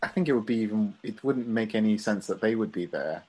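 Man, lowish husky voice, casual chat, laid-back, laughs a lot. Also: a little fast, darkish tone. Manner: easygoing, laughs often, explains at length.

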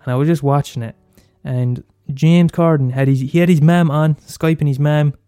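A man's voice: on the high side, fairly even intonation, normal speed, dark tone, clean tone, no room sound, faint music behind. An Irish man hosting a solo comedy podcast, blunt and sweary, mocking himself and repeating lines for effect. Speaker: podcast host.

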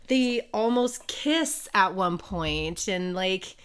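A woman co-hosting a podcast who retells a book's plot in casual chat. She is animated, swears freely and laughs often. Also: mid-range voice, takes it slowly, clear, resonant tone. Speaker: podcast co-host. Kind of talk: casual book recap chat.

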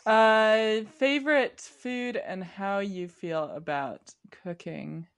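A woman's voice: medium pitch, slow pace, clear, resonant tone. A woman hosting a podcast, chatty and giggly in casual conversation. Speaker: podcast host. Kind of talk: casual chat.

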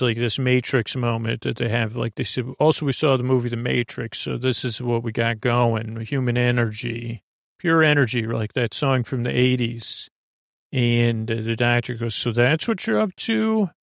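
Guy recapping a tv episode, gravelly voice, lots of uh and restarts, dry close sound. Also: mid-range voice, no echo. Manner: rambling, many fillers and restarts, quotes characters in his own voice. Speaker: podcast host.

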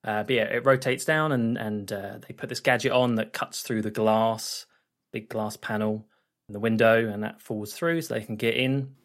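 A man's voice: on the low side, steady tone, normal speed. A man co-hosting a podcast, casually recapping a film scene by scene in a rambling way, with plenty of fillers and restarts. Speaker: podcast co-host.

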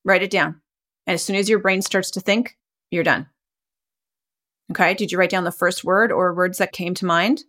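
A woman's voice: on the low side, fairly even intonation, normal speed, long pauses, a bit bright. Encouraging woman guiding a self-help exercise. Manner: encouraging, conversational, laughs often. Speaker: podcast host and coach.

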